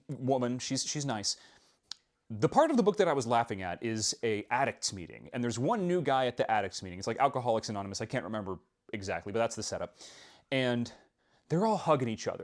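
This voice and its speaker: Wry, animated young man reviewing a book. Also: medium pitch, a little fast. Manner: wry, self-deprecating, expressive. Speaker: book video host. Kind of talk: casual book review monologue.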